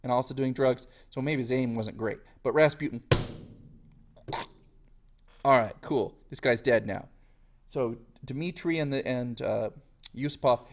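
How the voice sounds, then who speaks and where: Slangy, jokey male history teacher. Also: mid-range voice. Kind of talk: casual video lecture.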